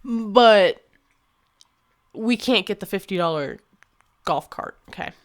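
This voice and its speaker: A young woman telling a casual storytime vlog, animated and slangy, swearing freely and acting out what people said. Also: mid-range voice, takes it slowly.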